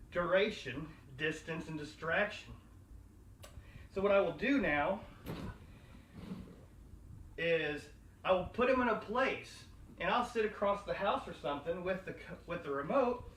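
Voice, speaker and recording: A calm man talking through his dog-training method in a somewhat raised voice. His voice carries an echo, as if the mic sits back across an indoor room, with a faint hum of ambience under it. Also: high voice, recorded from a distance. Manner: calm, explanatory, praising a dog in a slow sing-song. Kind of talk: instructional video talk. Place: inside a house.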